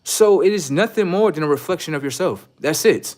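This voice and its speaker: Blunt, profane man ranting on stream. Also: fairly quick. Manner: blunt, profane, lecturing viewers as "sir"; animated, swings between loud outbursts and low mutters. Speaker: livestreamer giving relationship advice. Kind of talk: casual livestream monologue.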